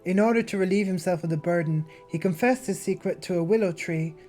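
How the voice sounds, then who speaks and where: A woman chats on her stream in a slightly nasal voice, roughened a little by a sore throat. She rambles and restarts, moving between small talk and reading aloud. Faint music plays under her basic mic. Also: on the low side, fairly quick, warm tone. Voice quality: somewhat nasal. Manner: chatty and rambling, with lots of fillers and restarts. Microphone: basic mic, no headset.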